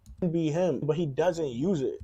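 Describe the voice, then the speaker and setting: A man's voice: a little high, moderate pace, dark tone, husky, dry recording. A man narrating his own recorded video clip in an earnest, reflective way, heard as it plays back during editing. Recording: dull clip played back on a computer.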